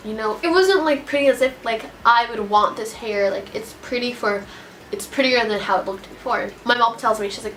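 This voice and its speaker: A woman's voice: fairly high pitch, brisk, a bit bright, slight background noise. Young woman rambling through a storytime. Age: teens. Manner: upset, rambling, lots of "like". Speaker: vlogger. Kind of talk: casual storytime chat.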